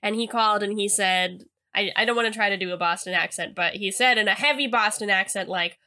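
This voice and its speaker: Woman, 30s, podcast co-host, casual chat, bright tone, giggly. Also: medium pitch, brisk, hardly any pauses. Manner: giggly, animated storytelling.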